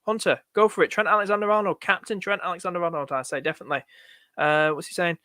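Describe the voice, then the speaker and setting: A man hosting a live fantasy football stream, answering viewers' questions in a rushed, excitable way and calling everyone "mate". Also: high voice, no echo. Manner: excitable, rushed, repeats himself, says "mate" a lot.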